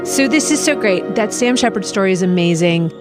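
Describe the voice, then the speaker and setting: A woman's voice: mid-range voice, lively intonation, brisk, loud music behind the voice. A woman hosting a podcast interview, speaking effusively and laughing often. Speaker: podcast host. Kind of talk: casual interview chat.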